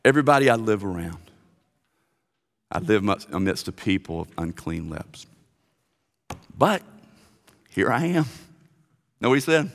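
Male pastor preaching in a church sanctuary, lively swooping delivery, stumbling restarts, long hall reverb. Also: a little high, a little slow, long pauses. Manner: animated preaching with stammered restarts. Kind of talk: sermon.

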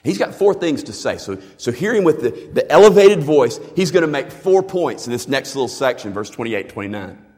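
A man's voice: mid-range voice, sing-song, brisk, hardly any pauses, a little mellow. Earnest male preacher in a reverberant hall. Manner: earnest, emphatic, explanatory teaching. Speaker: pastor. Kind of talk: sermon.

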